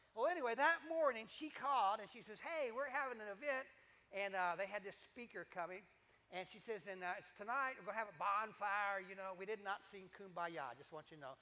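An older man, a preacher telling his testimony in a sermon, animated and full of repetitions and asides to the congregation. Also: sits high, fairly quick. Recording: long hall reverb.

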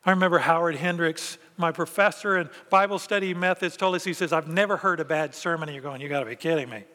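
A man's voice: on the high side, fairly even intonation, quick pace, pushed and bright, big-room sound. A man preaching a conversational sermon as pastor, acting out quoted thoughts along the way. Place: church sanctuary.

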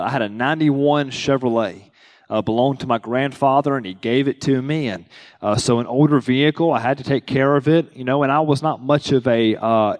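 A young man preaching from the pulpit in a relaxed, conversational way, his voice ringing with a long reverb through the church. He speaks at an ordinary mid pitch and lifts his voice sharply when he acts out someone else's words. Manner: conversational preaching, acts out quotes with rising emphasis. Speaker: pastor. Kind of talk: sermon.

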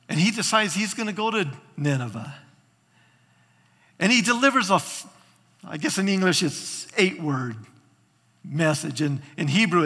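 Animated storytelling pastor in a reverberant hall. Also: male voice, on the high side, husky. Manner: animated storytelling, acting out quotes. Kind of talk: sermon.

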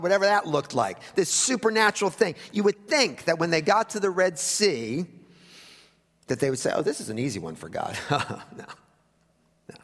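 A man preaching a sermon in a conversational way, with wry asides, sometimes dropping to a hush for emphasis. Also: high-pitched, big-room sound. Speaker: pastor.

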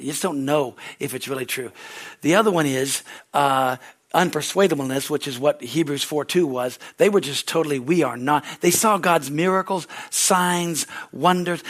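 Man preaching, church service, lively animated storytelling, loud laugh, higher voice. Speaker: pastor. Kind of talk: sermon.

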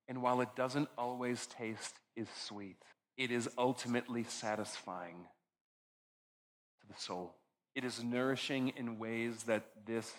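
Heard on a rough recording, an earnest pastor preaches, easing his pace for emphasis and lowering his voice to a soft hush on key lines before moving into communion.

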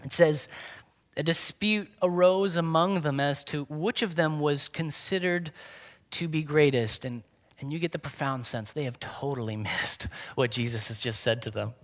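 Male pastor, fairly high voice, earnest preaching delivery that slows for emphasis. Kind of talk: sermon.

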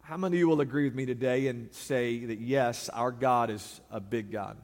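A pastor preaching a sermon, building up with emphatic, repeated phrases. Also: male voice, medium pitch, normal speed, a little mellow, long reverb tail. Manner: preaching with rising emphatic repetition.

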